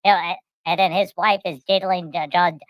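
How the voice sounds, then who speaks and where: Woman, lowish voice, rambling comic storyteller, stammers and repeats, dry close mic. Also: steady tone, fairly quick, no echo, low-quality recording. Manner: rambling, repeats words and restarts, acts out the people in her stories.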